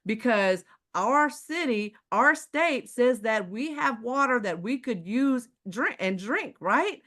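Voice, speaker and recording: A woman's voice: a little high, expressive, takes it slowly, a bit bright. A woman giving an emphatic presentation, asking the audience rhetorical questions and addressing them directly.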